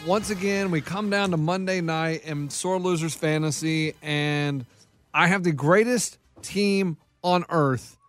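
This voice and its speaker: A man's voice: on the high side, unhurried, fairly bright tone, soft background music. A man co-hosting a casual sports podcast, boastful and frustrated, often stammering and restarting. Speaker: podcast co-host.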